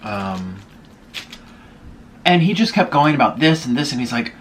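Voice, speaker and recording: A young man telling a rambling story to the camera while eating, pausing to chew between stories. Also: mid-range voice, sing-song, fairly bright tone, a little hiss or hum. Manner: chatty, rambling, with chewing and food noises between stories. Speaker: vlogger. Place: home room, sitting at a table.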